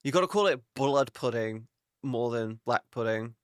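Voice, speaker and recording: A man's voice: mid-range voice, lively intonation, moderate pace, clean tone, no echo, studio quality. A man chatting casually on a live stream, rambling and swearing freely as he talks to his viewers.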